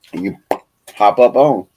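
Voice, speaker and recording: Lively, teasing male co-host. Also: on the low side, slightly rough, rough recording. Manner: joking, teasing. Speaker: stream co-host. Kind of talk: casual chat.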